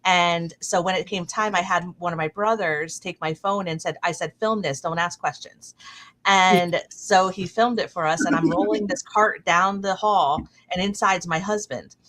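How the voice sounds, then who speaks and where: A middle-aged woman hosting a casual chat stream, telling a long anecdote with fillers and lively quoted voices. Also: fairly low pitch, moderate pace, few pauses. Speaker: stream host.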